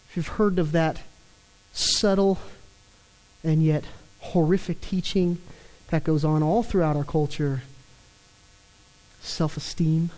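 A preacher working through a passage of scripture in an emphatic sermon, repeating words for stress and slowing down on key phrases. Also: medium pitch, warm tone, rough recording. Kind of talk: expository sermon.

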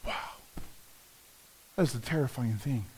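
A man's voice: medium pitch, measured pace, dark tone, husky. A man preaching a sermon, earnest, often repeating words as he restarts a phrase. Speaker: pastor.

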